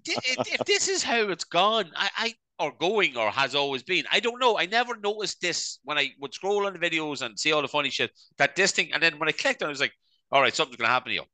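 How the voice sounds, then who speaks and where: A man's voice: on the high side, big pitch swings, fast, few pauses, pushed and bright, dry recording. A man co-hosting a casual comedy podcast, rambling and tagging "right?" onto his sentences. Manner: rambling, peppers speech with "right?". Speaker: podcast co-host.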